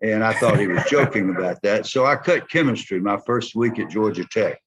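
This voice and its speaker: A man's voice: on the low side, brisk. Older Southern man telling football stories. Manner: folksy, animated storytelling. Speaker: interview guest, former football player. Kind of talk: storytelling interview. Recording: dull lo-fi sound.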